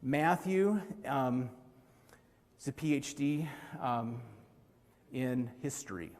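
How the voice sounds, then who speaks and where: A man's voice: mid-range voice, lively intonation, slow pace, darkish tone. Earnest man speaking in a big hall. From Utah, USA. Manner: earnest, storytelling, with light laughs and fillers. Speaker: organization president giving a conference speech. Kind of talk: live conference speech. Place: large convention hall. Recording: long hall reverb.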